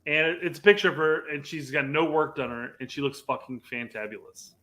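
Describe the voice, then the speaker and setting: A man co-hosting a casual podcast, playful and quick to laugh. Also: a little high, pushed and bright. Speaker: podcast co-host. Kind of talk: casual chat.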